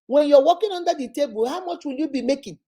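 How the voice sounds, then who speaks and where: A woman's voice: high voice, expressive, fast talker, warm tone. A middle-aged Nigerian woman hosting a casual vlog, telling stories with laughter and rhetorical questions. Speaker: host.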